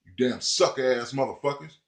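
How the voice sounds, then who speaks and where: A man's voice: medium pitch, a little fast. A man ranting in heated, profane commentary, talking to his viewers. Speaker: vlogger. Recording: echoey room.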